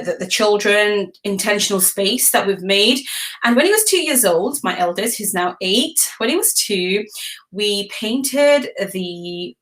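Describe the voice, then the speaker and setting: Animated woman hosting a live stream. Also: on the high side. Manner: animated, often checks in with "okay?". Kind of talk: casual live-stream talk to viewers.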